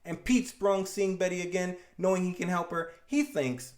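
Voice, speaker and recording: A man's voice: high-pitched, normal speed, few pauses. A man casually recapping a comic book issue with playful, wisecracking asides. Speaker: podcast host.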